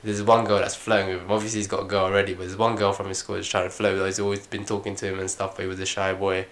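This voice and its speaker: A young man, co-hosting a casual chat and telling long, animated, slangy stories. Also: low voice, rapid-fire. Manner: animated, slangy, rambling storyteller. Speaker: podcast co-host.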